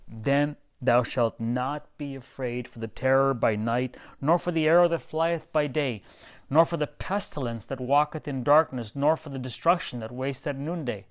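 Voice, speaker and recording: Male preacher at middle pitch, folksy sermon mixing scripture reading with musing questions. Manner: reads verses then muses aloud with rhetorical questions and chuckles.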